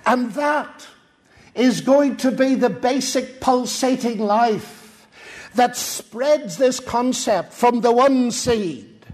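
An older man from Ireland preaching a sermon, explaining scripture and telling stories with quoted dialogue. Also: very high-pitched.

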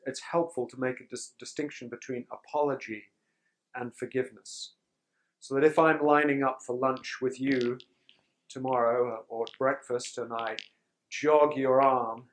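A man giving a conference talk to pastors in a sermon tone, measured and reflective, often pausing to clear his throat. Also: mid-range voice, low-quality recording. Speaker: speaker teaching pastors on forgiveness.

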